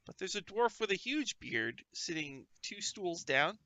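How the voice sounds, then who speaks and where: Guy running a tabletop game, gravelly, bright edgy tone, kinda high, gets loud for the npc bits, dry close mic. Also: a little slow, no room sound. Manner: animated, swings loud for character lines. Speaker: game master. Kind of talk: narrating a tabletop game, putting on voices.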